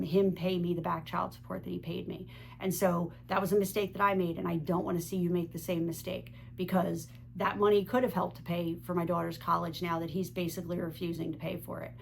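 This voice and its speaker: Middle-aged woman host, gravelly low voice, earnest candid monologue, faint hum behind. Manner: earnest, candid storytelling with fillers. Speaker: divorce advice video host. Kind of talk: personal story and advice monologue.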